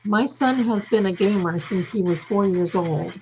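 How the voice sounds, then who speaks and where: A woman's voice: medium pitch, normal speed, darkish tone, highs cut off, a little hiss or hum. A woman hosting a live stream from home, chatting casually with viewers and calling them darling. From United States. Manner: affectionate, calls viewers darling. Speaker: livestream host. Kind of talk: casual live chat reading comments.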